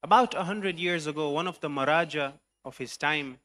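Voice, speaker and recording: A man's voice: on the high side, normal speed, bright, forceful tone. A man preacher telling a story in a sermon, mixing English narration with recited Arabic phrases. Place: mosque hall.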